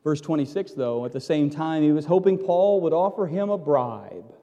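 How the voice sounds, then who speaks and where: A male pastor preaching a sermon, emphatic and theatrical, swinging from loud to hushed. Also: fairly high pitch, animated, moderate pace, big-room sound.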